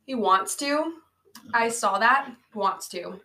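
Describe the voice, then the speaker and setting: Bright-voiced woman laughing through a movie roast. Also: slow pace, slight background noise. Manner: laughs often, animated retelling. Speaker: podcast co-host. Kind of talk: casual movie-roast chat. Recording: low-quality amateur audio.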